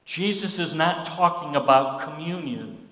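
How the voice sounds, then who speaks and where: A man's voice: a little high, animated, unhurried, bright, forceful tone. A man preaching a sermon as pastor, folksy and emphatic, repeating his points. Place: church sanctuary. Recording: echoey hall reverb.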